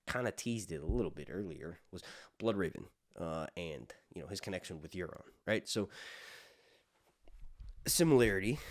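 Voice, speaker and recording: Casual male podcaster, low-pitched, dry close mic, rambling delivery. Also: no echo. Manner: rambling, full of fillers and casual swearing. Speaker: podcast host. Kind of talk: casual lore commentary.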